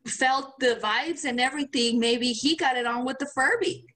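A woman's voice: high-pitched, moderate pace, a bit bright. A woman co-hosting a casual podcast, teasing her friend with crude slang and frequent laughs. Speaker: podcast co-host. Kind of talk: casual chat.

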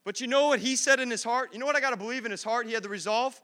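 A male pastor preaches with fervent, conversational energy, hammering points through repetition. His voice sits very high and bright, and it rings out with the long reverb of a church hall. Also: rapid-fire. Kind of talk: sermon. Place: church sanctuary.

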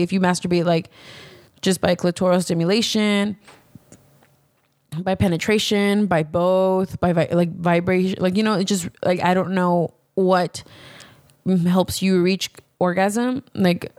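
A woman's voice: on the low side, darkish tone, no room sound. Frank chatty young woman, dry close sound. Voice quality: frank and profane. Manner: chatty, heavy on "like", acts out quotes. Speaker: podcast host. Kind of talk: candid storytelling podcast.

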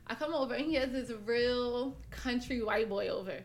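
High-voiced animated New woman. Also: moderate pace. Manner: animated, swears freely, acts out quotes. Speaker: podcast host. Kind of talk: casual podcast chat, storytelling.

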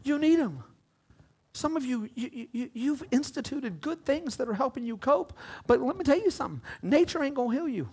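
A man preaching a sermon as pastor, swinging between emphatic shouts and quiet pleas and repeating short phrases with calls of "come on". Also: very high-pitched, animated, a little fast, hardly any pauses, breathy edge.

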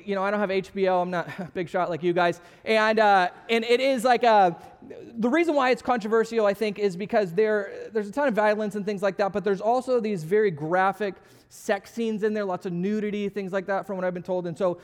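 A man with a high, light voice gives a relaxed, conversational sermon in a church auditorium. He is self-deprecating and jokes with the audience, and the sound trails off in a long reverb from the large hall. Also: fairly quick, smooth. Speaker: pastor. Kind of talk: casual sermon with audience questions.

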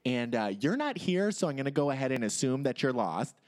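A man voicing a curt, passive-aggressive elderly woman therapist with a flat, condescending manner. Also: mid-range voice, a little fast, close to an everyday voice.

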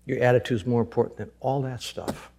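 A male pastor preaches in an earnest, conversational way, often repeating himself as he builds a point. His voice has a gravelly, creaky texture. He speaks at a mid pitch. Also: flat delivery, fast talker, warm tone, slight background noise. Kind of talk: sermon.

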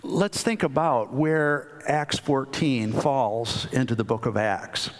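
Male preacher, unhurried and halting, mid-range voice, long hall reverb. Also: medium pitch. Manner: unhurried, many fillers and restarts. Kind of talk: sermon.

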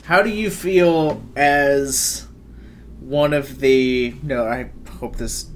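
A man interviewing a guest in a casual chat, friendly, with quick short replies. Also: medium pitch, a little hiss or hum.

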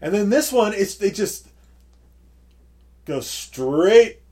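Podcast co-host, male, lively and swearing, slightly high voice with wide swings. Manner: animated, profane, quick to laugh. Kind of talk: casual movie review chat.

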